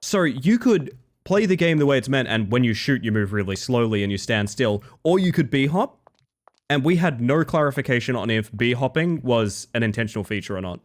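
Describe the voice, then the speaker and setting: Streaming a game, an Australian guy with an expressive, mid-range voice talks to his viewers at a moderate pace. His chat is rambling and casual, sprinkled with swearing, and he keeps breaking off and starting his sentences over.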